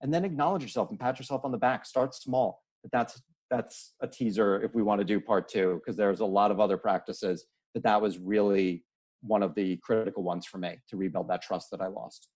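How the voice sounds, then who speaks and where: A man speaking as an interview guest, earnest and halting, often restarting his sentences. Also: fairly low pitch, a little mellow, husky. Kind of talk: casual interview conversation.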